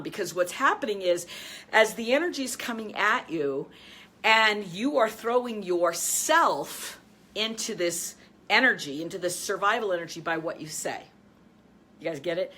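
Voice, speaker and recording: Energetic woman coaching with emphasis. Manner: energetic, emphatic, laughs often, drops soft and low when guiding breaths. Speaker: coach and show host. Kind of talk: motivational talk with guided breathing.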